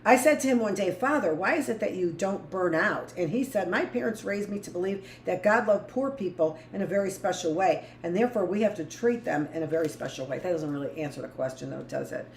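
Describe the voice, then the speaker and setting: A woman's voice: lowish voice, lively intonation, fairly quick, hardly any pauses. Blunt woman reading aloud, roomy echo. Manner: rambling, blunt asides between read passages. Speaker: teacher reading aloud to a live class. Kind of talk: live book reading with commentary. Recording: echoey room with faint noise.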